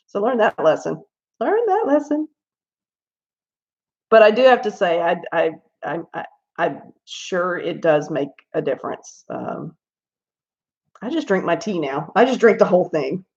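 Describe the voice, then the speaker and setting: A woman's voice: lowish voice, expressive, moderate pace, darkish tone. A Southern American woman hosting a casual coloring livestream, chatting and telling stories with lots of laughs and asides. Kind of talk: casual chat while coloring. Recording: slightly dull lo-fi stream audio.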